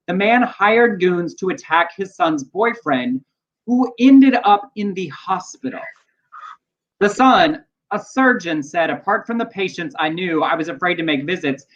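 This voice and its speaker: A man's voice: high voice, fairly bright tone. A man co-hosting a casual livestream, reading news stories aloud with playful, wry asides. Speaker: co-host. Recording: dull lo-fi stream audio.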